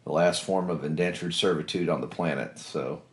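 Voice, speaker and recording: A low-voiced Kentucky man in his forties spins a blunt, salty story about joining the service. His voice rings around an echoey room. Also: normal speed. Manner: blunt, profane, swerves into animated impressions of others. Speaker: veteran interviewee. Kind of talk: casual storytelling interview.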